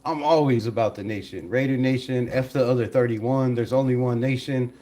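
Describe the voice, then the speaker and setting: A man hosting a casual live stream, animated, laughing often and talking to his chat. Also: medium pitch, fairly quick.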